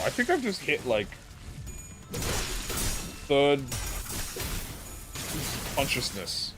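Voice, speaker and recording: A young man live streaming while he plays a game, chatting casually, swearing a lot, rambling through stammered restarts and loudly insisting he is not upset. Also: mid-range voice, extremely slow, pauses often. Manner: excitable, swears a lot, jumps to deny being upset. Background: game music playing.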